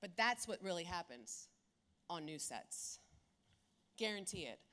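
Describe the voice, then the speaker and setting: A woman in her forties from South Philadelphia, telling stories in a keynote talk in an animated, blunt, profane way. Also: fairly low pitch, unhurried, slight background noise. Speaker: keynote speaker. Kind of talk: comedic storytelling keynote.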